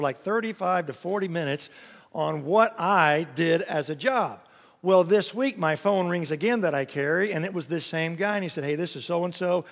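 A man preaching a sermon, telling lively stories with jokes and little voice impressions. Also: fairly high pitch, in a large hall. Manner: animated storytelling with jokes and voice impressions.

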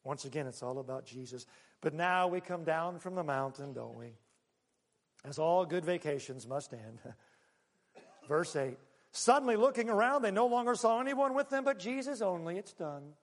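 A pastor delivers an animated sermon at a normal speed, swinging between loud bursts and hushed asides. His voice sits high for a man, and the long reverb of a large hall surrounds it.

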